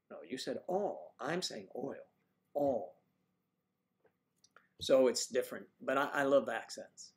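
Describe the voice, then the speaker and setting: A man's voice: mid-range voice, lively intonation, unhurried, a little mellow. A man from the Washington DC area with no marked accent, casually chatting on a livestream, reading viewers' comments and cracking jokes. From Washington DC area, USA. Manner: joking, chatty, teasing the audience. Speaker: livestream host reading chat.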